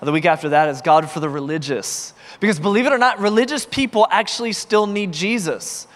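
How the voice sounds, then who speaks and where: Animated pastor preaching in a big hall. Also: male voice, high voice, brisk. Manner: animated, acts out dialogue in raised voice. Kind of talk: sermon with storytelling. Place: large concert venue used as church.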